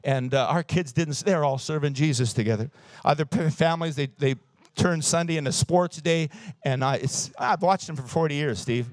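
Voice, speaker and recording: Emphatic preacher around sixty. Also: male voice, on the high side, normal speed, no room sound. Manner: emphatic, storytelling preacher, chuckles at his own jokes. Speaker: pastor. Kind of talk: sermon. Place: church.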